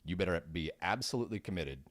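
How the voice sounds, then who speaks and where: Deep-voiced man steering a podcast chat. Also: animated, quick pace, no room sound. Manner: prompting, steers the conversation with questions. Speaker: podcast co-host.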